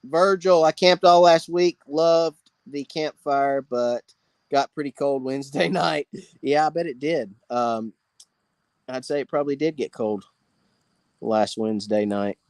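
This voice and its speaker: A man's voice: mid-range voice, measured pace, smooth, dry recording. Man, fishing host, live stream chat, friendly drawl, dry close mic. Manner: chatty, greets viewers by name, drawling. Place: outdoors by a campfire.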